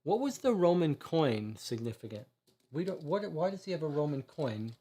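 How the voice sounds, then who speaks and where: A man's voice: a little high, big pitch swings, moderate pace, mellow. A man streaming a detective board game, thinking aloud hesitantly and reading the case text. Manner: musing, hesitant, questioning.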